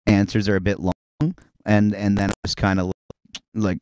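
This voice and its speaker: Low-voiced, talkative male podcast guest. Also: little pitch movement, normal speed, darkish tone, a little hiss or hum. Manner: talkative, filler-heavy storyteller. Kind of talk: casual chat.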